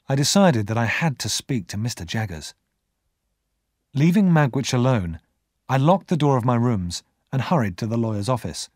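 A man narrating an audiobook in expressive storytelling fashion. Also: mid-range voice, normal speed, no echo, studio quality. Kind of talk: scripted narration.

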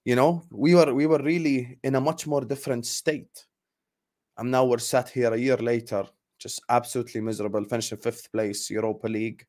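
Young guy fuming on his football channel, repeats himself a lot, mid pitch, loud bursts then mutters. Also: fairly even intonation, fairly quick. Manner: angry, repetitive, emphatic outbursts. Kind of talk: heated fan rant.

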